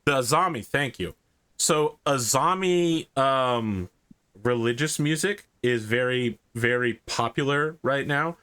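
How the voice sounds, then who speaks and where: A man's voice: medium pitch, slow, fairly bright tone, clear, resonant tone. A man running a tabletop game as game master, describing scenes loosely with many fillers.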